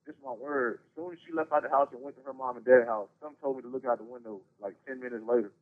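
A man from North Carolina tells his story in a rapid, rambling rush, full of slang and swearing. His voice sits at an ordinary middle pitch. It comes through a thin, tinny phone line. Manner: blunt, profane, slangy and rambling. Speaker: incarcerated interview guest. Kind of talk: casual storytelling.

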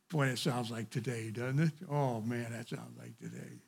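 A man's voice: mid-range voice, a little slow, vocal fry, breathy edge. A man leading an informal Bible study, reading passages aloud and adding digressive, conversational commentary.

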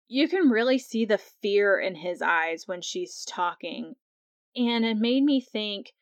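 A young woman hosts a podcast, talking through an episode in a loose, chatty way. Her voice sits at an ordinary middle pitch, and she laughs often. The sound is dry and close to the mic. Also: no echo. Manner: chatty, laughs often, acts out quotes in a higher voice. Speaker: podcast host. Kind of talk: casual episode recap.

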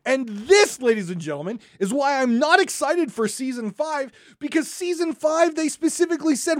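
Podcast host, angry sarcastic rant, shouts then mutters, lively pitch, dry sound. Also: moderate pace, few pauses, no echo. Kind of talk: solo gaming podcast rant.

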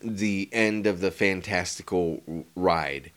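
A man's voice: low-pitched, takes it slowly, fairly bright tone, smooth. A man co-hosting a casual movie podcast, rambling with hesitations and occasional swearing. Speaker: podcast co-host.

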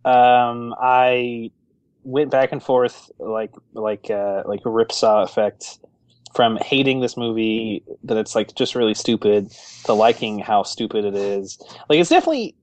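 A man's voice: medium pitch, measured pace, no room sound. A man co-hosting a movie podcast in casual chat, rambling with lots of fillers. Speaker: podcast co-host.

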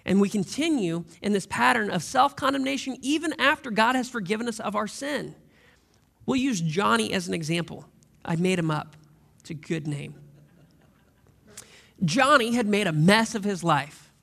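Male pastor, high voice with gravel, preaching conversationally and leaning on rhetorical questions. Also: lively intonation, normal speed, a bit bright. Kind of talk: sermon.

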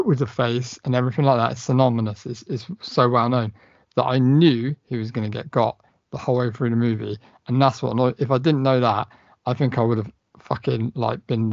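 Man, gravelly, dry close sound, dull lo-fi audio, chatty film talk. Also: mid-range voice, no room sound. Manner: chatty, acts out lines from films in raised voices. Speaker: podcast co-host. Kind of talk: casual film chat. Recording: dull, slightly muffled podcast audio.

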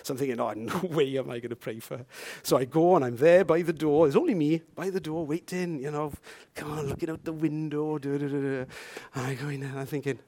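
A man delivering a storytelling sermon with a notably high, light voice. He swings between hushed, quick asides and loud, emphatic declarations. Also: steady tone. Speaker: preacher.

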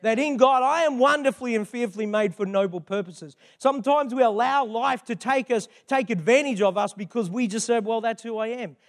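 High-voiced older male preacher. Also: a little fast, hardly any pauses. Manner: conversational, chatty preaching with frequent asides. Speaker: pastor. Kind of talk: sermon.

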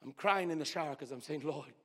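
High-voiced man preaching in an echoing hall. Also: fast talker, slight background noise. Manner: swings between loud outbursts and hushed near-whispers. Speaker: pastor. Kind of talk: storytelling sermon. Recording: long reverb of a large hall.

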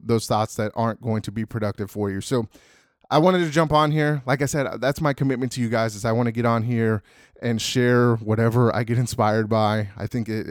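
A man's voice: medium pitch, darkish tone, dry recording, studio quality. A man hosting a motivational podcast alone, talking in an earnest, rambling way with lots of fillers and restarts. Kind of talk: casual solo motivational talk.

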